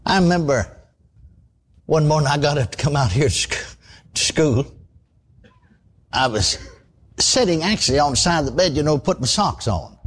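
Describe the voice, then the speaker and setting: Folksy older preacher with a husky voice. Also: male voice, on the high side, expressive, normal speed, pauses often. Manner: folksy, conversational, many asides and repeated words. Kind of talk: storytelling sermon.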